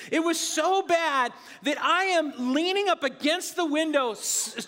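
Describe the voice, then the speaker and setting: A man with a strikingly high voice preaches to his congregation as their pastor. His tone is bright and forceful, and he tells a personal story with animated swings from loud exclamations to quiet, searching questions. The sound carries the long reverb of a large church hall.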